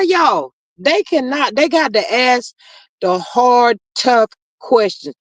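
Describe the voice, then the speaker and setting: A woman hosting a livestream in casual chat, reading comments aloud in a chatty, drawling way that swings high and low. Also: big pitch swings, takes it slowly, no room sound.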